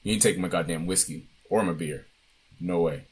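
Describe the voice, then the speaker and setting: A young man co-hosting a podcast in casual chat, relaxed and animated, swearing freely. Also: low-pitched, fairly quick, breathy edge. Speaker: podcast co-host.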